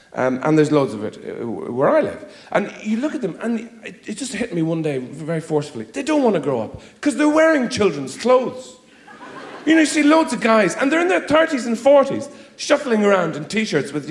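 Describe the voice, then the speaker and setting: Man, middle-aged stand-up comic, high animated voice, roomy live theatre sound. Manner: rambling, theatrical, acts out quoted voices. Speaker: stand-up comedian. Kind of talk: stand-up comedy routine. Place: theatre stage before a laughing audience.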